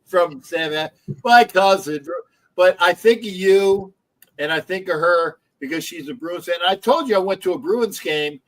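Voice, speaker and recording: A man with a fairly high voice hosts a loose sports livestream. He rambles through his thoughts and restarts sentences often. He swears casually along the way. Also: a little slow, fairly bright tone, low-quality recording. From Philadelphia area. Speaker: livestream host.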